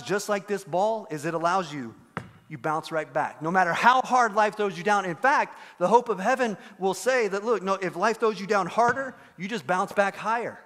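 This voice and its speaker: A man preaching a sermon as pastor, telling a story and acting out the quoted voices with animated delivery. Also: high-pitched, big-room sound. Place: church sanctuary.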